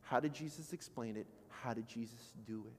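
A man in his thirties preaching a sermon as pastor, telling a story with acted-out quotes and swinging between loud and soft. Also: mid-range voice, brisk, big-room sound, slight background noise. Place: church sanctuary.

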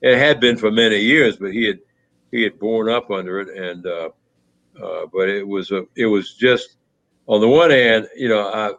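Man, lower register, hesitant storyteller, muffled recording. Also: fairly bright tone. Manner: halting, many restarts and fillers. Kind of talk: reflective conversational storytelling. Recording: muffled low-fidelity audio.

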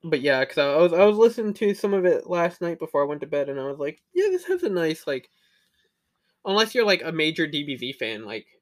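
A man's voice: fairly high pitch, lively intonation, a little fast. A young man co-hosting a podcast, chatting casually with slang and swearing, laughing at his own stories. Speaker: podcast co-host. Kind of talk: casual chat.

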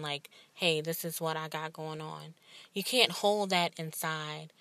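Woman in her 30s talking through her day on her podcast, bright kinda lowish voice, super dry close sound. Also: no echo. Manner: candid, rambling, emotional storytelling. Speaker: podcast host, life coach. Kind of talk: casual personal monologue.

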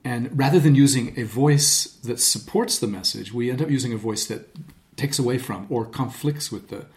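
Man, voice coach, conversational, demonstrative, medium pitch, studio podcast. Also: moderate pace, a little mellow. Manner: demonstrative, shifts his voice low and high to show examples. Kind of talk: casual conversation.

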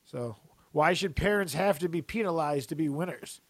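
A man's voice: on the high side, animated, moderate pace, no echo. A man co-hosting a casual chat, rambling and joking, often breaking into laughter. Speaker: podcast co-host.

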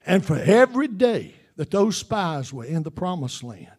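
A man preaching a sermon in a fervent, repetitive style that builds toward shouting. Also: sits high, big pitch swings, moderate pace.

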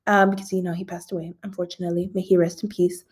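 A woman's voice: on the low side, flat delivery, racing. A young woman hosting a casual celebrity gossip show, rambling with lots of fillers and the odd yawn. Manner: rambling, filler-heavy, yawns now and then. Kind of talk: casual chat.

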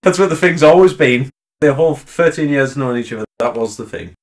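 A man's voice: medium pitch, animated, brisk. A man co-hosting a casual podcast, easygoing and joking. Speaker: returning podcast co-host.

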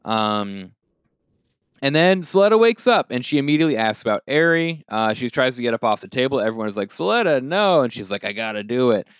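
A man's voice: medium pitch, lively intonation, brisk, clean tone, no room sound, studio quality. A young man co-hosting a podcast, casually recapping an anime episode with jokes and fillers. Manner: joking, rambling recap with fillers. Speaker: podcast co-host.

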